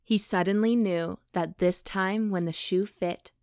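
A woman's voice: mid-range voice, steady tone, a little slow, a little mellow, clean tone, no echo, clean studio sound. A young woman co-hosting a casual podcast, joking and laughing as she reads a romance blurb and retells the plot. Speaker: podcast co-host. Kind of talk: casual chat, reading a book blurb aloud.

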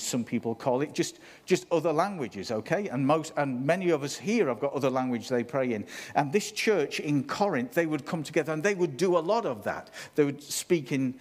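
A man preaching a sermon in a conversational, animated way, with asides to the congregation. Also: mid-range voice, husky.

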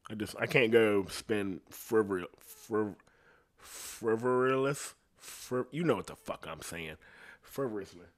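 A man hosting his own podcast rants solo in a casual, rambling, profane way, laughing at his own jokes. His voice is fairly low and his pace slow.

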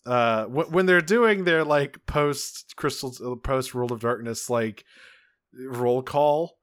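A man's voice: medium pitch, takes it slowly, fairly bright tone. A man co-hosting a podcast, recapping a game story in a laid-back, joking way and leaning on "you know". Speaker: podcast co-host. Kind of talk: casual recap chat.

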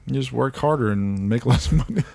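A man, chatting on a podcast as host, telling animated stories, swearing freely and laughing often. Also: medium pitch, brisk, vocal fry, dry recording. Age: 30s. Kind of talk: casual chat.

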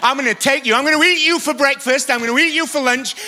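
Big ugly bully demon yelling threats high and fast, a preacher putting it on. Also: male voice, exaggerated voice. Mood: taunting. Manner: gloating threats, fast and loud.

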